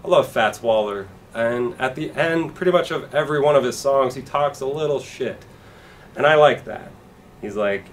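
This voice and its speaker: A man doing a stand-up comedy set with a dry, deadpan delivery and acted-out quotes. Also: mid-range voice, normal speed, recorded from a distance.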